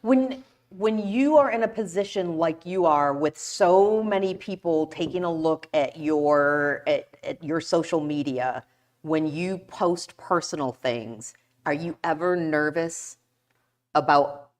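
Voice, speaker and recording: Casting: middle-aged woman talk-show co-host, lowish voice, animated. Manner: animated, quick interjections. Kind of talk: casual talk show chat.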